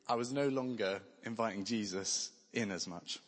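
A man's voice: lowish voice, moderate pace. A man preaching a sermon in an earnest, conversational way with touches of light humor. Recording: long hall reverb.

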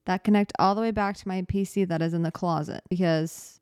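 A young woman talks into her studio microphone in a loose, rambling podcast chat. Her voice sits low and smooth, and the room sounds dry and close. She jokes at her own expense and hurries until she's out of breath. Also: fairly even intonation, a little mellow, dry recording. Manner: rambling, self-deprecating, talks fast and runs out of breath. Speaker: podcast host. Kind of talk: casual solo podcast chat. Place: small studio apartment.

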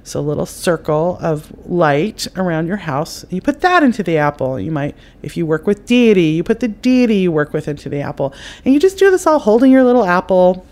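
A woman hosting a podcast, giving spiritual advice in an unhurried, meandering way and speaking straight to the listener. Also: lowish voice, darkish tone. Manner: intuitive, meandering, addresses the listener directly; unhurried, with frequent fillers and self-corrections. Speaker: psychic advice podcast host.

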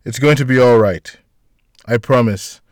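A man doing a firm woman doctor who lays down the rules, voice lifted a little and pushed louder than his narration, clipped and insistent. The sound is dry and close to the mic. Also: medium pitch, measured pace, no echo, natural voice.

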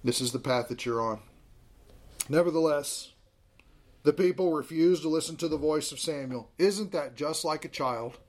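A man with a fairly high voice teaching a Bible class. He talks in a conversational, animated way, mixing scripture reading with everyday stories. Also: moderate pace.

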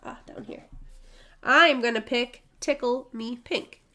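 A woman co-hosting a podcast in casual chat, teasing and quick with comebacks. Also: on the high side, bright, forceful tone. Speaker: podcast co-host.

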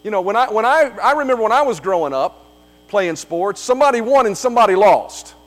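High-voiced emphatic male preacher. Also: expressive, a little fast, soft background music. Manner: emphatic, repeats key phrases, frequent fillers. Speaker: pastor. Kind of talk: sermon.

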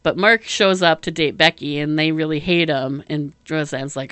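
A woman chats casually as a podcast co-host, her voice sitting a little low. She rambles, piles on fillers and laughs often. The sound is dry and close. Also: lively intonation, normal speed, a bit bright, no echo. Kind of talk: casual chat.

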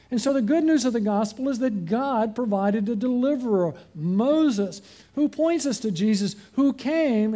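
A man's voice: sits high, mellow. A man preaching a sermon, reading scripture and asking his listeners questions. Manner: earnest, asks the congregation questions.

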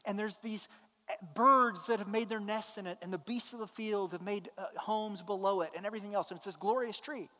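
Pastor preaching, emphatic but chatty, mid-pitched voice ringing in a big reverberant church. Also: fairly quick, pushed and bright. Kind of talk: sermon. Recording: long hall reverb.

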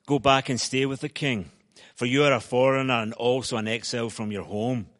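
A Scottish man with a Glasgow accent reads scripture aloud at a steady, measured pace, and his delivery lifts when he voices quoted speech. His pitch sits mid-range for a man. The reading rings out with a long reverb, as in a large hall. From Scotland. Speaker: scripture reader.

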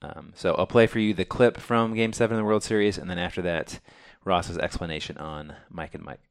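A man's voice: low-pitched, fairly even intonation, fairly quick, vocal fry. A man hosting a baseball podcast, chatting casually and rambling with many fillers. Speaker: podcast host. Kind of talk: casual chat.

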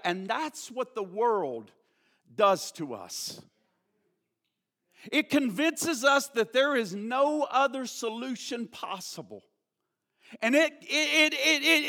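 A man preaching at a church service with a very high, bright and forceful voice. He swings from hushed prayer to loud, impassioned emphasis. He often repeats words and restarts as he builds toward his point. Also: big pitch swings, slow, long pauses. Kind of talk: sermon with a prayer and a storytelling illustration.

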